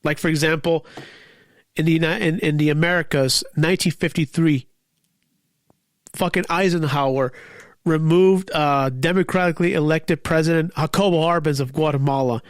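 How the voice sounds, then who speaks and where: A man's voice: a little high, steady tone, moderate pace, dry recording, clean studio sound. A man hosting his own talk show, ranting angrily about politics with lots of swearing and restarts. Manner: profane, heated, rambling with restarts. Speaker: podcast host. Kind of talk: angry political rant.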